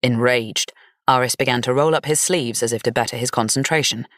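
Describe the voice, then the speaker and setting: A woman narrating a gothic fantasy romance audiobook in an even, measured storytelling manner. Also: a bass voice, no echo, studio quality.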